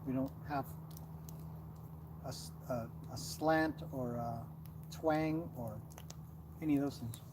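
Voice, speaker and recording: A man with a Canadian West Coast accent, co-hosting a casual livestream chat in a relaxed, rambling way with many fillers. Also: mid-range voice, takes it slowly, pauses often. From Canada, West Coast near Vancouver. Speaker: co-host of a livestream. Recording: noisy background with animals and traffic.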